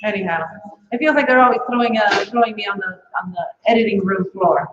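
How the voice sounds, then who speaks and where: A woman hosting a comedy show, telling stories with big animated swings and sudden shouts. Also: mid-range voice, fast talker. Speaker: show host. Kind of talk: emcee banter at a comedy club. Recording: echoey, dull-sounding room.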